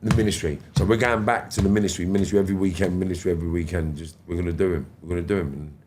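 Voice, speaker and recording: A man's voice: deep voice, racing, slight background noise. A man in his fifties, a podcast guest telling stories casually and animatedly, acting out other people's lines and swearing freely. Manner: animated, acts out quoted voices, swears freely. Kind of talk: casual storytelling.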